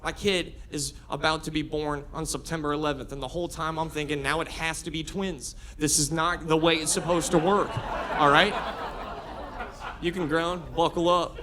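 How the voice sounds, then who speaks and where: A man in his thirties doing a stand-up comedy set, brash and building into shouted rants. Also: on the high side, steady tone, normal speed, a crowd in the background. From Florida. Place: comedy club stage with audience laughter.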